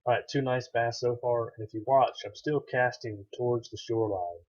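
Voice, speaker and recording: A man giving a calm, instructive voice-over that explains his fishing technique. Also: mid-range voice, moderate pace, muffled recording. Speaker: fishing channel host.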